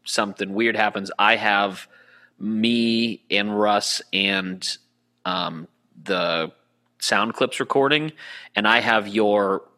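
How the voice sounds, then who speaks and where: Guy chatting on a podcast from his home setup, bright voice, rambles and sounds a bit nervous. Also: fairly low pitch, takes it slowly. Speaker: podcast co-host. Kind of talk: casual chat. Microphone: home computer mic on a video call.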